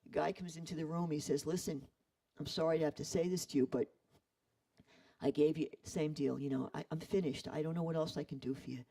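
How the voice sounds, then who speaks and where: A man retelling a story in an animated way, acting out the quoted voices. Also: a little high, brisk, creaky, distant mic, low-quality recording. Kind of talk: storytelling talk.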